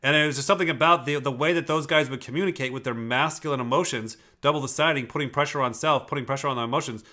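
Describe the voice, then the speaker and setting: Fast-talking, bright-voiced man; emphatic, profane commentary host. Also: medium pitch. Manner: emphatic, profane, rapid explaining. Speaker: personality typing commentator. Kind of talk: casual commentary on video clips.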